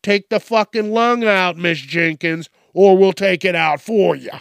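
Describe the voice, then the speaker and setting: A man doing a loud, crude repo man. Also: high-pitched, measured pace, dry recording, clean studio sound, pitched above the performer's own voice. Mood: threatening. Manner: shouting, profane threats. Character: menacing future repo man, crude and threatening.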